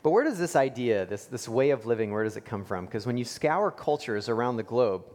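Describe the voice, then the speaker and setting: A man's voice: medium pitch, lively intonation, a little fast, a little mellow. A male pastor preaching a sermon in a conversational storytelling way, with fillers and rhetorical questions. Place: church sanctuary. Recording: long church reverb.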